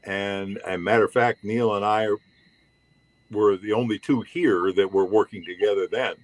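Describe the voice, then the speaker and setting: An older man who once worked in radio recalls his time on the air. His voice sits on the low side, recorded close and dry with no room around it, and he tells his story in an unhurried way. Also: steady tone, dry recording, poor audio. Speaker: former radio DJ. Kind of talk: casual reminiscing chat.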